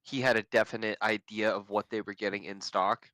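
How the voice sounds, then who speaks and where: A man's voice: lowish voice, fairly even intonation, fairly quick, bright, forceful tone, dry recording, rough recording. A man co-hosting a stream, skeptical and questioning in casual chat. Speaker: co-host.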